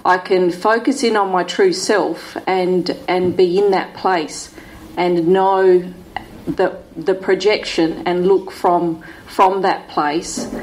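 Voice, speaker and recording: A woman at a retreat asking the teacher a question, hesitant with many pauses and ums. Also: lowish voice, darkish tone, a little hiss or hum, rough recording. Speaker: retreat participant. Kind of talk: question from audience.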